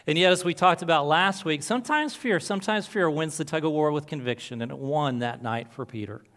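A male pastor preaching a sermon earnestly, moving between soft, slow passages and emphatic lines. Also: medium pitch.

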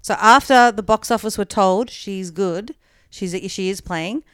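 Chatty woman comedian with a smooth voice. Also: medium pitch, a little slow, fairly bright tone, no room sound, clean studio sound. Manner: chatty, peppered with "like", acts out quoted dialogue. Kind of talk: casual podcast storytelling.

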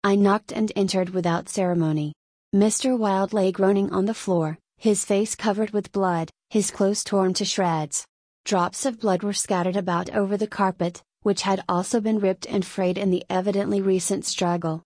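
A woman narrating an audiobook in a steady, measured way. Her voice has a middle pitch, and the recording is dry, close and free of room sound. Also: no echo. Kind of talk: audiobook reading.

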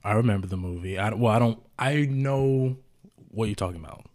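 A man's voice: fairly low pitch, a little fast, darkish tone. Laid-back man giving dry short replies. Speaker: podcast co-host. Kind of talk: casual chat.

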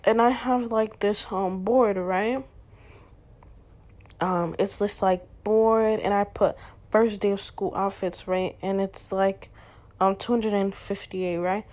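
A teenage girl hosts her own podcast, chatting solo in a candid, slangy way packed with fillers. Her voice is mid-range with a darkish tone, and she speaks slowly with fairly even intonation.

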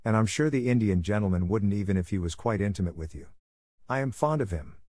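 A man reading an audiobook voicing a proud young girl who speaks calmly, politely and grandly. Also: fairly low pitch, quick pace, dry recording, close to an everyday voice. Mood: gentle.

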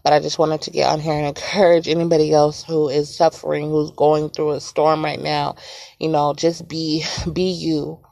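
A woman in her twenties gives an emotional motivational monologue to viewers, earnest and repetitive, often soft and quiet. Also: low-pitched, flat delivery, normal speed, creaky, no echo, studio quality. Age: 20s. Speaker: vlogger.

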